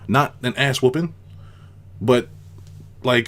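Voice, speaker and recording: A man's voice: sits low, fairly quick. A man hosting his own video channel, talking casually and at length, firing off rhetorical questions, tacking "right?" onto his points and repeating himself for emphasis. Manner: rambling, with many rhetorical questions and tag "right?". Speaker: business consultant and video host. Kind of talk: casual spoken commentary to camera.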